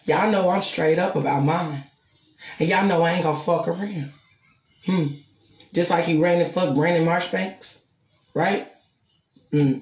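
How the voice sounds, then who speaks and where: A woman's voice: on the low side, unhurried, pauses often, a little mellow, roomy sound. A woman in a confrontational, profane vlog rant, taunting a rival and addressing her viewers. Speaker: vlogger.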